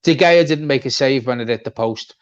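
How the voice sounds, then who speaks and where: A man's voice: mid-range voice, brisk. A man co-hosting a fan channel, giving a blunt, swearing, repetitive rant in a football reaction chat. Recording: dull lo-fi sound.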